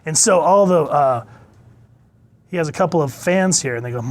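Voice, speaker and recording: A man in a casual comic book review, rambling and chuckling, pausing to look things up, and openly enthusiastic about the storytelling. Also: fairly high pitch.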